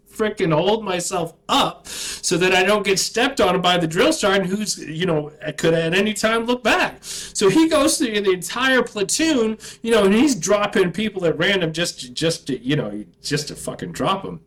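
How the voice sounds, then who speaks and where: A man, an army veteran, telling a casual, profane, animated story about basic training. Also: high-pitched, rough recording.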